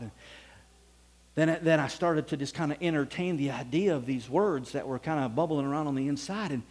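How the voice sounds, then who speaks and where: Speaking at a moderate pace in a medium-pitched, slightly rough voice, a man delivers a sermon about his own testimony. He shifts from hushed tones to loud ones, exclaiming passages along the way.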